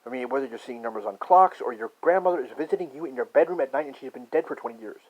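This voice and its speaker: A man in a rambling, profane conspiracy rant that swings from muttering to shouting. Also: medium pitch, racing. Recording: dull lo-fi recording.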